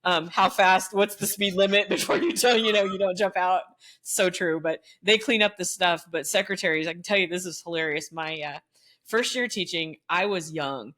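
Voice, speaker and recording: With a fairly low voice and moderate pace, a middle-aged former teacher shares stories from school. She is an animated storyteller who laughs often during the casual conversation.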